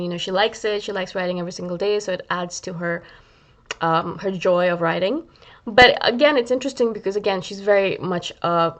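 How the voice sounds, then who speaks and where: A woman vlogger talking casually to her viewers, chatty and animated, often adding "right?" and "you know", and acting out the voices in her head. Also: medium pitch. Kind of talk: casual talk to camera.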